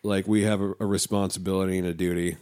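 A man's voice: low-pitched, flat delivery, fast, a little mellow, clean tone. A man talking in a casual podcast chat, rambling and hesitant, often repeating his words.

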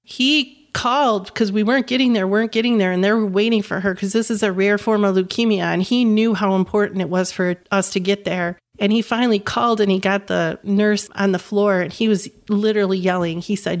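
A woman in her fifties recounting a personal story in conversation. She speaks earnestly and with emphasis, often repeating words to drive a point home, at an ordinary middle pitch. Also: steady tone, fairly quick, few pauses. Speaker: guest, caregiving mother.

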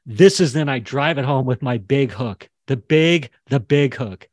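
A man's voice: mid-range voice, a little slow, a little mellow, dry recording, clean studio sound. A man hosting and coaching an online class, talking in an impassioned way and acting out the dialogue from his stories. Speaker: podcast host and coach. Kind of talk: animated teaching session on a video call.

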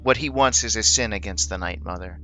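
A man's voice: fairly low pitch, bright, forceful tone, soft background music. A man playing a defeated, grieving old priest. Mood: weary grief. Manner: halting, sighing, choked-up speech. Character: weary grieving middle-aged male village priest.

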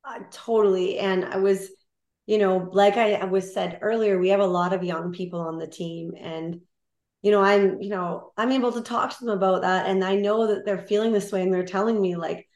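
A woman's voice: medium pitch, steady tone, moderate pace, a little mellow. A woman from Canada, a guest in an interview, talking candidly and animatedly with many fillers. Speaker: guest, Olympic marathoner. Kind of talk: casual interview chat. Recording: roomy echo.

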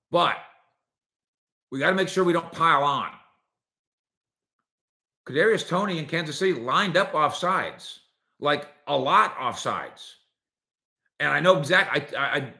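A man hosting a sports opinion show, talking in an animated, sarcastic way and acting out quotes from players and coaches. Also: a little high, normal speed, gravelly, long pauses.

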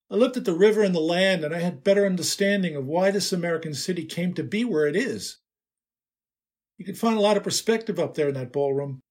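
An older man telling a personal story at an unhurried, wry pace. His voice sits fairly high and has a husky, breathy edge. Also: a little mellow. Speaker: writer.

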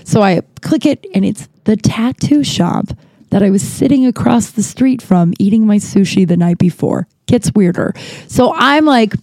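A woman's voice: medium pitch, expressive, normal speed, mellow, dry recording. A woman hosting a podcast, telling a personal story in a casual, rambling way, full of fillers and restarts. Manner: candid, lightly profane. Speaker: podcast host.

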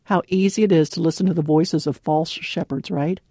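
A woman giving a devotional talk in an earnest, clearly enunciated way, laughing often. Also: deep voice, steady tone, brisk, mellow, no room sound, studio quality. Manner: clear, carefully enunciated delivery. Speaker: devotional speaker.

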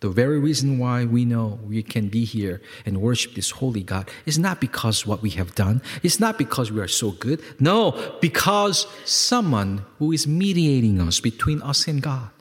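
A male pastor preaching a sermon, emphatic and repetitive, swinging from loud peaks to quiet lows and calling on the congregation to respond. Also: sing-song, normal speed, few pauses. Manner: repeats words for emphasis, asks congregation to respond. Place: church sanctuary. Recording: long hall reverb.

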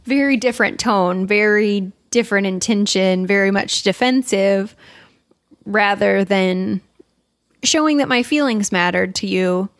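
A woman's voice: mid-range voice, measured pace, no room sound, studio quality. A woman co-hosting a casual couples podcast, talking openly and reflectively about her feelings. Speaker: podcast co-host.

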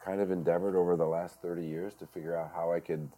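Guest: middle-aged man with a very deep voice, halting and reflective, lots of fillers. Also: little pitch movement, dark tone. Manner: halting, many fillers and restarts. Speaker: guest, director and actor. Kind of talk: reflective storytelling.

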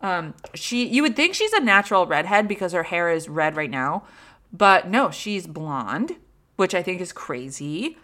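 A woman's voice: lowish voice, sing-song, unhurried, fairly bright tone. A woman hosting a podcast, telling stories in a casual, rambling chat with lots of fillers and swearing, candid and self-deprecating. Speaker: podcast host.

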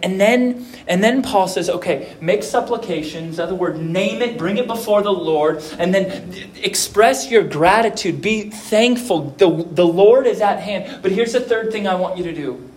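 Brief: earnest male pastor, slow deliberate sermon, roomy echo with faint background noise. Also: sits high. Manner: earnest, swings from soft to emphatic. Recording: echoey room.

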